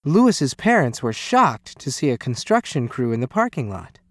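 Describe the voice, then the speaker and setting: A man reading a children's picture book aloud as storyteller, unhurried and expressive. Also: mid-range voice, no echo.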